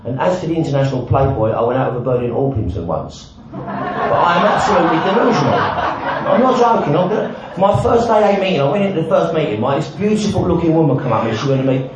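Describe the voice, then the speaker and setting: Blunt man in a booming hall. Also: lively intonation, fast, slight background noise. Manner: frank, blunt and self-mocking, with swearing and repeated "right?". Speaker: recovering alcoholic sharing his story. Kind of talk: personal recovery talk with self-mocking humour. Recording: very echoey, dull hall recording.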